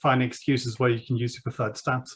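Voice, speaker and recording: A man's voice: mid-range voice, level tone, fast, slightly rough. A man narrating as game master of a tabletop game, talking with many ums and uhs.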